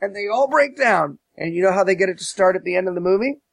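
A man casually recapping a movie on a podcast, animated and profane, mocking as he tells it. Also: high-pitched, fast talker, creaky, no echo. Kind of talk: casual chat.

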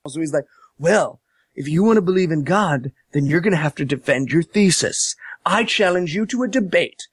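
Animated high-voiced man mocking a movie. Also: moderate pace, husky, no echo. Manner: animated, profane, mocking storyteller. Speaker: podcast host recapping a movie. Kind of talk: casual chat.

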